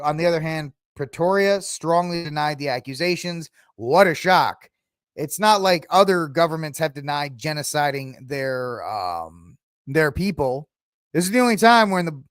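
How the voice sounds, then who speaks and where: A male podcast host reads news headlines, then wanders into sarcastic, rambling asides. His voice sits a bit high for a man. The recording is dry, with no room sound. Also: lively intonation, moderate pace, smooth, no room sound.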